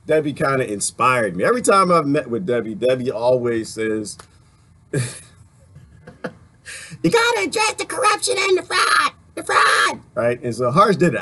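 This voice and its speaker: A man talking in a casual, rambling monologue about politics, laughing often and getting worked up into animated rants. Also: on the high side, breathy edge. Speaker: political commentator.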